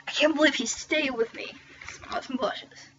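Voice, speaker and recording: A woman's voice: high-pitched, normal speed, fairly bright tone, dull audio, slight background noise. A teenage girl reading fan fiction aloud with giggly, chatty asides. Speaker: reader.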